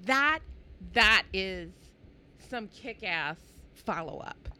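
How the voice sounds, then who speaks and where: A woman's voice: mid-range voice, lively intonation, slow pace, pushed and bright, clear, resonant tone. A woman co-hosting a casual podcast chat, outspoken and often laughing as she talks. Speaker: podcast co-host.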